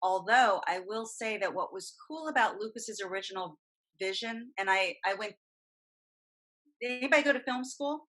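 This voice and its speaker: A woman's voice: mid-range voice, normal speed, poor audio. A middle-aged woman, a guest voice actress and coach, talking animatedly and emphatically in a casual podcast chat. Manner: animated, emphatic, talks at length.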